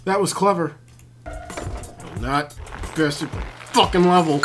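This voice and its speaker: A man casually commentating a video game he is playing, excitable and profane, often yelling at the game. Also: on the high side, slow pace. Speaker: gaming video host. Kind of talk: casual let's-play commentary. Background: game music.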